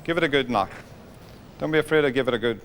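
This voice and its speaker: A man's voice: mid-range voice, fast talker, noisy background. A man with an Irish accent telling jokes and chatting with a live audience between trick shots. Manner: chatty, joking, teasing the audience. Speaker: comedian and snooker entertainer.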